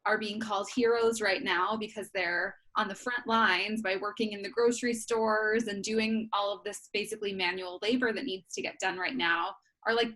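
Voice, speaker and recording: A woman's voice: medium pitch, fairly even intonation, moderate pace, few pauses, fairly bright tone. A woman in a casual podcast chat, earnest and indignant. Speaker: co-host.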